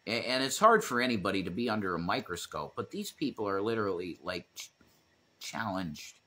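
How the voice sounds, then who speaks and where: A man's voice: fairly low pitch, big pitch swings, brisk, pushed and bright. A man co-hosting a casual livestream, rambling, swearing freely and reading chat comments aloud. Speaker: livestream co-host.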